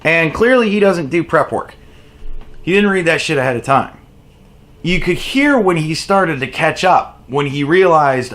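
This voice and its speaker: Male host, mocking and foul-mouthed commentary, high-ish and very lively delivery. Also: moderate pace. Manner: profane, mocking, animated rant. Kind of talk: sarcastic political commentary.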